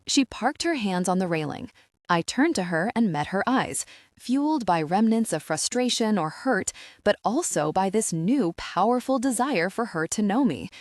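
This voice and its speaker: A woman narrating a first-person romance audiobook in a steady, even storytelling voice. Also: mid-range voice, normal speed, no room sound, studio quality.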